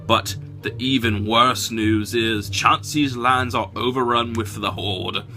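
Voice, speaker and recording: A man's voice: medium pitch, steady tone, slow pace, bright, forceful tone, faint music behind, pitched below the performer's own voice. A man reading a game manual story aloud in a put-on British accent, with a theatrical, swooping storybook delivery. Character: male storybook narrator with mock British accent.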